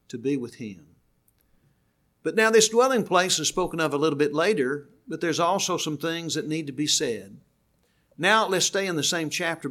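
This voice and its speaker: Older man, preacher, bright clear voice, a bit high-pitched, earnest, slow on key words. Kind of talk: sermon.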